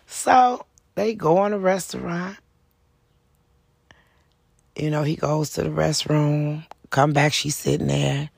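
A host spinning a casual, profane story and acting out each quote. The voice is gravelly with fry. It sits close in a dry, dead room. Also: medium pitch, takes it slowly, long pauses, no echo. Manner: profane, animated, lots of acted quotes. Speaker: podcast host and author.

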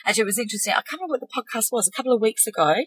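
Lively-voiced woman podcast co-host. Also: fairly high pitch, racing, husky, no echo, rough recording. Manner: acts out affirmations in shifting tones. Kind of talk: casual spiritual podcast chat.

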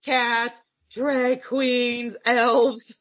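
A woman chatting casually and excitedly about a cartoon series, laughing often and swearing freely. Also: fairly high pitch, extremely slow. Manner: giggly, animated, swearing freely. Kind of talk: casual fan chat. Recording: dull lo-fi sound.

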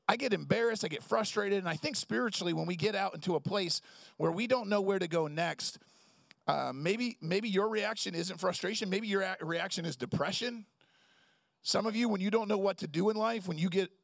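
A man's voice: high voice, vocal fry, no room sound, clean studio sound. A young adult man preaching a sermon in a conversational, joking storytelling way, acting out quotes along the way. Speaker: pastor.

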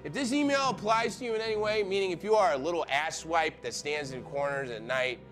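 A man's voice: on the high side, a little fast, natural voice. An actor playing a furious young woman sorority officer who rants and swears in a dramatic reading over music. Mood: screaming. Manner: profane, seething, building to screaming. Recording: loud music under the voice.

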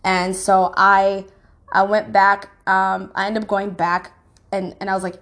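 Woman telling a painful story, halting. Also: medium pitch, little pitch movement. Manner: halting, restarts often, emotionally raw; swings between quiet and sharp outbursts. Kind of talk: personal storytelling.

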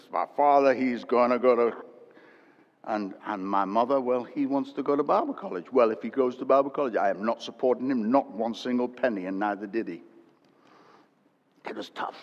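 An older man preaching a sermon, telling a story animatedly and swinging from loud to hushed. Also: medium pitch. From England. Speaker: pastor. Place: church hall. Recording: dull echoey church hall recording.

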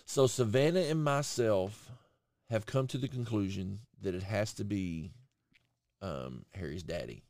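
A man co-hosting a podcast in casual chat, animated and swearing freely. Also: fairly low pitch, a little slow, dry recording, studio quality. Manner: animated, swearing, laughs easily. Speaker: podcast co-host.

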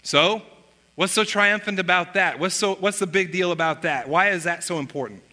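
A man's voice: high-pitched, moderate pace, pushed and bright. A man preaching a sermon as pastor, telling stories in a conversational way and acting out bits of family dialogue. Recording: long reverb of a large hall.

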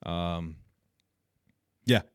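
A man's voice: low-pitched, drawn-out words, clean tone, no echo, clean studio sound. A young man co-hosting a casual sports podcast, blunt and opinionated, trash-talking teams. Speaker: podcast co-host.

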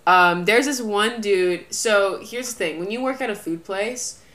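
A young adult woman telling stories in a casual chat, slangy and animated, often laughing as she talks. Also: mid-range voice, unhurried. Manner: slangy, animated, says "bro" and "literally" a lot. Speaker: storyteller in a chat.

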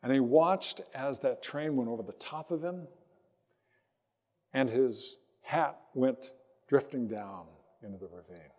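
A man preaching a sermon as a pastor, telling a personal story in a slow, reflective way with pauses, then leading a prayer. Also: mid-range voice, a little mellow, big-room sound.

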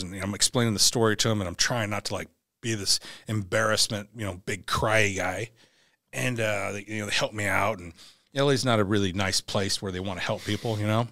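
A man telling a raw personal story in an interview, blunt and halting, swearing as he goes. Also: on the low side, fairly bright tone, no echo, studio quality. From United States. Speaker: podcast guest.

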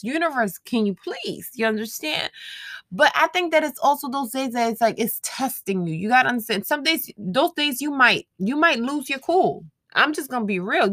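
A woman's voice: mid-range voice, a bit bright, no room sound. A woman hosting her own show, giving a casual motivational monologue to her listeners, frank and profane, laughing often. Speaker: podcast host.

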